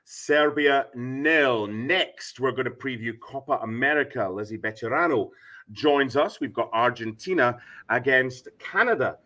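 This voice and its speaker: A man's voice: mid-range voice, measured pace, sharp tone. A man hosting a football panel, teasing his co-hosts and laughing often. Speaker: host. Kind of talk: lively panel banter.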